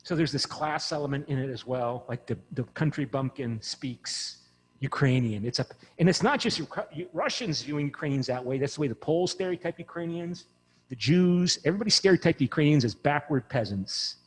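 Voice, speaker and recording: A man giving an informal university lecture in an animated, rambling way, often breaking off mid-word. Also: fairly high pitch, a little fast, in a large hall, slight background noise. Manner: animated, rambling, self-interrupting. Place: classroom.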